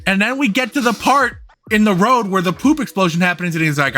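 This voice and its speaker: A man's voice: high voice, expressive, fast talker, bright, forceful tone, soft background music. A man co-hosting a podcast, telling a rambling story in a casual chat. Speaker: podcast co-host. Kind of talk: casual movie-review chat.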